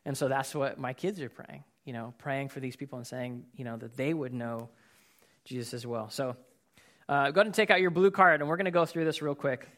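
A man's voice: medium pitch, steady tone, brisk, fairly bright tone. A man preaching a casual, conversational sermon, telling personal stories in an earnest way with many fillers and repeated words. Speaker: pastor.

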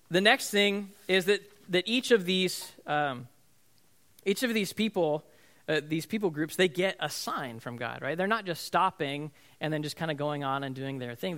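Bright-voiced man preaching a sermon. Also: fairly high pitch. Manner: conversational storytelling, asks the congregation "right?". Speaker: pastor.

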